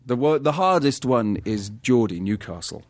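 A man, an actor, chatting casually and telling animated stories with frequent laughter. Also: mid-range voice, moderate pace, no echo. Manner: animated storyteller, laughs often. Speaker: actor guest. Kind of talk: casual chat.

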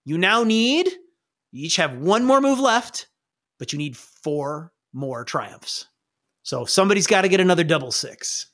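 A man runs a tabletop game, his voice high for a man and swinging widely in pitch. He narrates in a playful way and laughs easily. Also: lively intonation, measured pace, a bit bright. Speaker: game master.

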